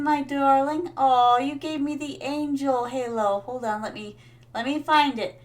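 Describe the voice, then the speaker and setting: A woman's voice: high voice, fairly even intonation, measured pace. A woman streaming a game, chatting casually and telling stories to viewers she calls her darlings. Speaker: VTuber streamer.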